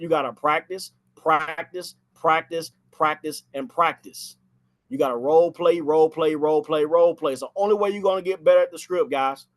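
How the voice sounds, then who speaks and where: A man giving a casual spoken training on phone sales, talking from inside a house and repeating phrases for emphasis. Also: fairly high pitch.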